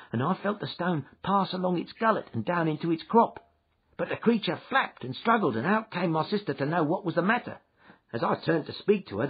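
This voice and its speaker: A man's voice: fairly high pitch, slightly rough, exaggerated voice. A man voicing a frightened young male thief who pleads and breaks into sobs. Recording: dull lo-fi recording.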